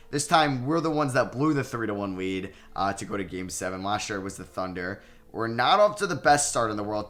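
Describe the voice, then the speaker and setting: A young man giving casual commentary over a basketball video game, recapping scores and getting loudly frustrated at his own play. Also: mid-range voice. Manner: excitable, self-deprecating, swings between flat recaps and loud outbursts. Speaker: gaming YouTuber.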